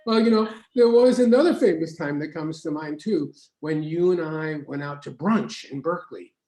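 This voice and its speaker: A man's voice: fairly high pitch, normal speed. Man as guest spouse, easygoing storyteller; roomy studio sound. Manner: relaxed anecdotes with laughs and fillers, raising his voice for quoted women. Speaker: guest, the host's husband. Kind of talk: casual conversation on a live broadcast. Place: writing studio. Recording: echoey room.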